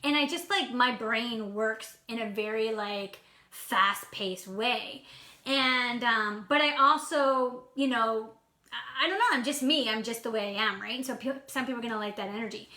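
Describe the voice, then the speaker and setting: Bubbly fast-talking woman coach, echoey room. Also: a little high, pushed and bright. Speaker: sales coach. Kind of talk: casual live stream talk. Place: indoor room at home.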